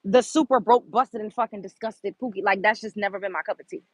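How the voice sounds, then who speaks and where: In unscripted commentary to her live chat, a Brooklyn, New York show host rants bluntly and profanely. She talks fast at a medium pitch, and the audio is poor though free of echo.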